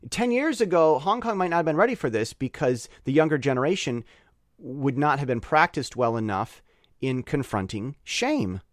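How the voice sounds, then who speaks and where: A man's voice: mid-range voice, moderate pace, no room sound, clean studio sound. A man giving casual spoken commentary to camera, opinionated and rambling, with frequent restarts and repeated words. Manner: opinionated, animated. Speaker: vlogger.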